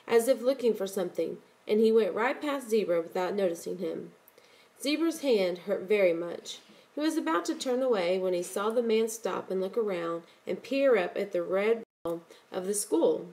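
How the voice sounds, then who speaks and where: Woman narrator for an audiobook; steady, measured reading at a middle pitch. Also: poor audio.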